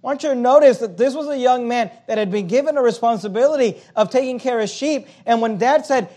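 A man's voice: very high-pitched, brisk. A pastor preaching a sermon. He reads scripture aloud and earnestly explains it to his congregation.

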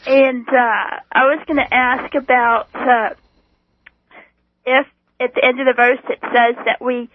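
A woman's voice: high voice, little pitch movement, measured pace, a little hiss or hum. A woman calling in to a show, asking a Bible question hesitantly with many fillers. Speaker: caller. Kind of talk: phone call-in question. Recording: tinny phone line.

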